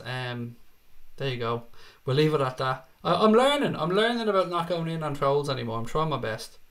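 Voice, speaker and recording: A man with an Irish accent hosting a casual live stream, reading out viewer comments and chatting back with jokes and swearing. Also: on the high side. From Ireland. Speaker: host reading live chat.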